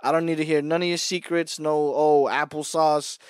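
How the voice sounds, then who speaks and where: A man's voice: on the high side, little pitch movement, brisk, smooth, no echo, studio quality. A young man riffing in a brash, mock-aggressive comedy rant, swearing freely as he talks to his viewers. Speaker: comedy vlogger.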